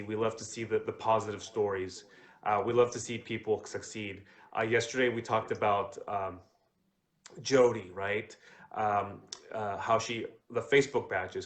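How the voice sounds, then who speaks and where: A man co-hosting a casual business chat, talking in a rambling way with many restarts. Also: on the low side. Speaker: co-host.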